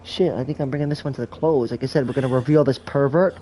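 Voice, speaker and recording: A man's voice: medium pitch, steady tone, fast talker, dark tone, a little hiss or hum. A man giving casual, rambling game commentary on a livestream, full of crude jokes.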